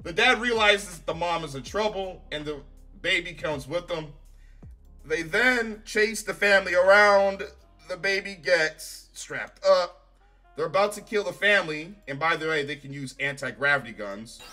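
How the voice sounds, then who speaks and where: A man's voice: high voice, normal speed, pushed and bright. A man giving a casual reaction review of a show, profane, sarcastic and exasperated. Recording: faint music behind.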